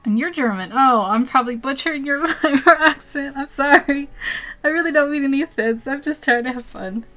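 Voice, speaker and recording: A woman's voice: high voice, fairly quick, pushed and bright, soft background music. Giggly American woman chatting while she draws. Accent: General American. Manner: giggly, laughs often between phrases; chatty, self-deprecating, reads and answers chat. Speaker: artist live-streaming a drawing session. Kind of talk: casual live-stream chat while drawing.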